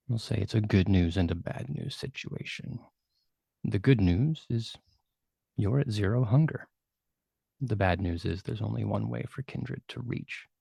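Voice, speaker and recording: A man narrating a tabletop role-playing game as game master, with vivid, measured storytelling and hushed dramatic turns. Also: fairly low pitch, creaky, husky, no echo.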